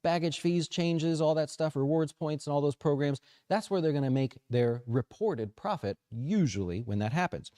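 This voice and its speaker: A man hosting a casual market commentary show, chatty and animated, often checking in with "right?". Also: mid-range voice, no echo, studio quality. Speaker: financial advisor show host.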